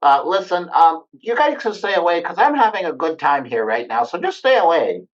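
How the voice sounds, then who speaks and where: A man's voice: on the high side, very animated, normal speed, lo-fi sound, pitched above the performer's own voice. A man voicing his family's cheeky, laid-back male pet dog, talking in a breezy, brush-off way. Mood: carefree.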